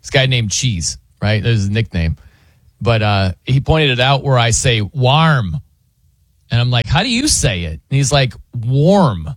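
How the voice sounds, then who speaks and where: A man's voice: mid-range voice, a little slow, no room sound. A man hosting a radio show, chatting casually with his co-host and laughing often as he mimics how people talk. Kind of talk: casual on-air chat. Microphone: studio microphone.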